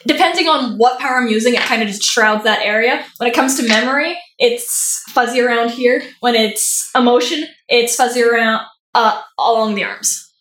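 High-voiced woman at a game table. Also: normal speed, fairly bright tone. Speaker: player. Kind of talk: casual tabletop game chat. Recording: roomy, from a distant mic.

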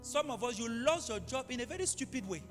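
A man's voice: very high-pitched, lively intonation, fast talker, a bit bright, long reverb tail, soft background music. A male pastor preaching a live sermon, telling stories with acted-out voices and animal sounds.

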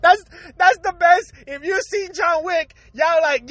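Profane, laughing male podcaster, very high and bright voice, casual comic storyteller. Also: unhurried, dry recording. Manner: profane, laughs constantly, animated and emphatic. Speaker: podcaster recalling his own episode.

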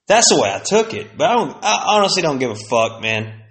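A man's voice: a little high, sing-song, a little fast, fairly bright tone. A man hosting a solo podcast, venting bluntly in a casual, profanity-heavy rant that circles back on itself. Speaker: podcast host.

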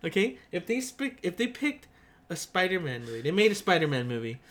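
A man co-hosting a podcast in a casual, heated debate, animated and profane, laughing often. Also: high-pitched, brisk. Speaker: podcast co-host.

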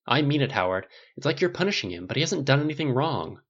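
A man's voice: mid-range voice, sing-song, fast talker, breathy edge, highs cut off, voice pushed up, exaggerated voice. A man reading aloud and voicing a firm, cutting middle-aged mother in an audiobook of a story. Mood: firm, exasperated. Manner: sharp, exasperated, poisonous.

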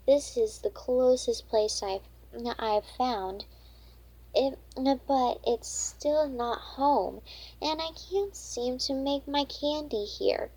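A woman voicing a gentle, polite young male dragon who is lost, soft and sad, in a storybook read-aloud. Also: high voice, slow pace, husky, heavily acted, rough recording.

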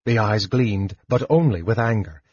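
A man narrating an audiobook in a slow, expressive reading. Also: on the low side, breathy edge, dry recording, dull audio. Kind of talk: scripted narration.

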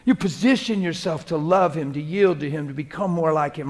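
A man preaching a sermon as pastor, swinging between loud exhortation and hushed, conversational prayer. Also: a little high, fairly quick, few pauses.

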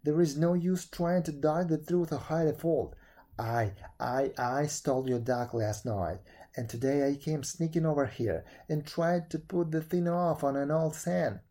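Man doing a guilty, wailing old miser for a storybook, husky and dark, pushed a bit higher. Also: unhurried. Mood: pleading. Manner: wailing, begging, anxious.

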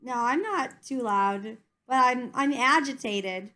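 A woman playing in a tabletop game, giggly and animated. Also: a little high, slow pace. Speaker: player. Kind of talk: tabletop role-play.

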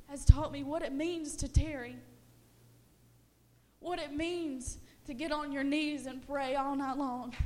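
A young woman preaching a sermon with passion, building to loud, repeated calls to her congregation. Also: sits high. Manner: impassioned, builds to shouted repetition.

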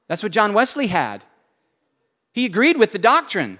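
Male preacher, earnest sermon voice, slightly high, soft then forceful. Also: big pitch swings, normal speed. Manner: earnest, swings from soft to emphatic.

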